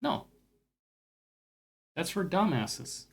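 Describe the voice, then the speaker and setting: A man's voice: fairly high pitch, big pitch swings, drawn-out words, gravelly, breathy edge. A man streaming games, talking casually in a rambling, profane way, with self-mocking asides. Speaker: game streamer. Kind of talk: casual chat while gaming.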